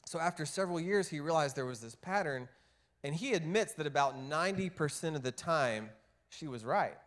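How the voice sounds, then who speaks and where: A man preaching a sermon as pastor, telling stories and acting out the people he quotes, his loudness rising and falling. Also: on the high side, expressive, brisk. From Texas. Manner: storytelling, acts out quoted voices with big swings in loudness. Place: church.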